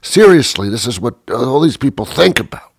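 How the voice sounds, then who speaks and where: A man hosting a comic monologue, deadpan and rambling, with many fillers. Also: mid-range voice, brisk, gravelly, slightly rough, no echo. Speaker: host. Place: Boston area.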